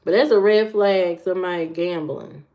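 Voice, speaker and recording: Casually chatting with her livestream audience, a woman dishes out blunt, opinionated advice on dating. Her lowish, slightly mellow voice moves at normal speed, and the sound is muffled and lo-fi.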